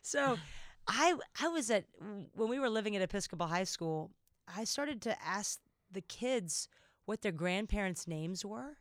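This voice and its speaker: This is a woman poet chatting on a podcast, animated and quick to laugh. Her voice sits mid-range and sounds close and dry, with no room around it. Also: mid-range voice, dry recording. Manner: animated storyteller, laughs easily. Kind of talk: casual conversation with poetry reading.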